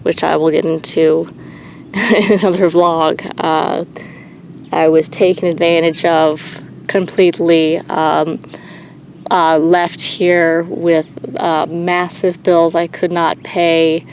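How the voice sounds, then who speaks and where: A woman running an animal sanctuary, talking candidly in a halting way with many pauses and restarts. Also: lowish voice, flat delivery, darkish tone, a little hiss or hum. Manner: halting, many ums and restarts, nervous laughs. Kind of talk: candid personal vlog. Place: outdoors on a rural animal farm.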